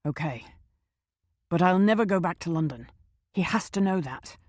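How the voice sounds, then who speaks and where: A woman's voice: lowish voice, unhurried, darkish tone, husky, no echo, clean studio sound. A woman voicing a nervous, out-of-breath stocky older man on the run in an audiobook thriller. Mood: anxious. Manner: nervous, pleading, insistent.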